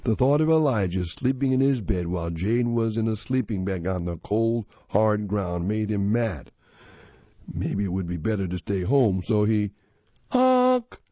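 A man narrating a children's story in a steady, expressive reading voice. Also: lowish voice, moderate pace, no echo. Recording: slightly dull lo-fi audio.

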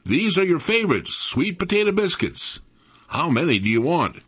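A man's voice: fairly high pitch, sing-song, moderate pace, fairly bright tone, breathy edge, no echo, pitched above the performer's own voice, exaggerated voice. An old man voicing a caring, busy farm mother in a raised, coaxing voice. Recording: dull lo-fi recording.

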